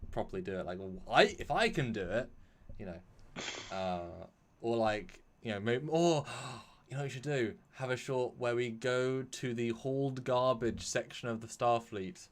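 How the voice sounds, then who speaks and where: A man's voice: medium pitch, normal speed. A man chatting casually as a guest on a live stream about his fan films, rambling with frequent laughs and restarts. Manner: rambling, animated, laughs often.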